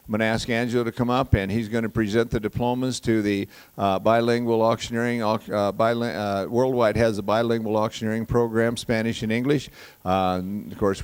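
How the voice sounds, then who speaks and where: A man emceeing a graduation ceremony, calling up graduates and rallying the crowd. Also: smooth. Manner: booming, rallies the crowd.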